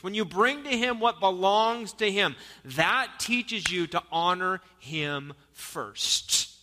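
In a large church sanctuary, a male pastor preaches an earnest sermon with a high, bright, forceful voice. He exhorts the congregation while weaving in jokes and stories.

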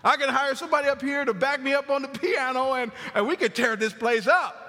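High, bright-voiced preacher in a reverberant sanctuary. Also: male voice, a little fast. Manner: conversational preaching, repeats phrases for emphasis; drops to a soft near-murmur on tender lines. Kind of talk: sermon. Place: church sanctuary. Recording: long hall reverb.

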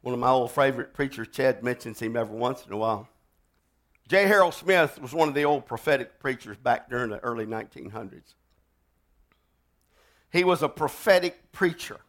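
A man preaching a sermon, telling stories dramatically and swinging from loud to hushed. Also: mid-range voice, animated, fairly quick. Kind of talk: sermon storytelling.

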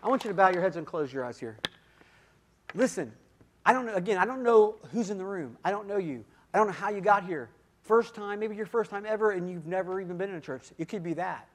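A man giving a sermon testimony, swinging from quiet, intimate moments to loud, emphatic calls, with repeated "come on" and "listen". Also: sits high, expressive, quick pace. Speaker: guest speaker giving testimony.

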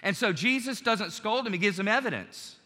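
A male pastor preaches with a bright, forceful voice, a little higher than most men. He talks to the congregation in a conversational way and acts out quoted lines. His voice rings out in a church hall with long reverb. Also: lively intonation, a little fast. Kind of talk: sermon.

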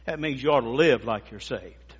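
A man's voice: medium pitch, normal speed, breathy edge, long reverb tail. A man, preaching a sermon as pastor, emphatic and stretching key words for emphasis. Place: church sanctuary.

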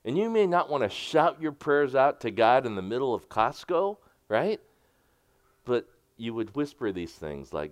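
A man preaching a sermon as pastor, moving between emphatic points and hushed, softly spoken prayers. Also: mid-range voice, sing-song, a little slow, no room sound. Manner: swings from bright emphatic preaching to hushed near-whispered prayers.

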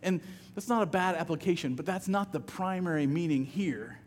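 A man's voice: fairly high pitch, moderate pace, in a large hall. A man preaching a sermon as pastor, conversational, often repeating words as he starts a phrase.

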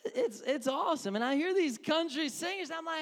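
A man's voice: extremely high pitch, expressive, moderate pace, vocal fry, fairly bright tone. A man preaching a sermon as pastor, with a conversational, joking manner and bits of mimicry. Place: church sanctuary. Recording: echoey hall.

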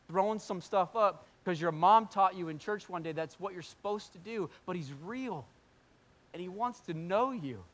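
A man preaching a sermon as pastor, telling his story in a swinging voice that drops to a hush and rises to near-yelling. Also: high-pitched.

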